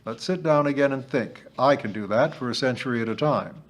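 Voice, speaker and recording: A man's voice: mid-range voice, a little fast, close to an everyday voice. A man voicing a merry, boastful ancient male hill sprite in a storybook reading, hearty and emphatic. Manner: hearty, emphatic, sing-song when chanting.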